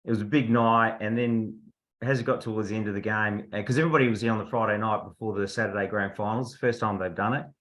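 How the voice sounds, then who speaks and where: A man's voice: lowish voice, steady tone, fast, a bit bright. Man, chatty storyteller, video call audio, laughs at his own yarns. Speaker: veteran football umpire.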